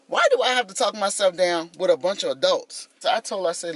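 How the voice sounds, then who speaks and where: A woman's voice: lowish voice, fast, hardly any pauses, dry recording. Dry-sounding woman in her fifties vlogging. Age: 50s. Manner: animated storytelling, addressing viewers as y'all. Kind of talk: casual vlog monologue.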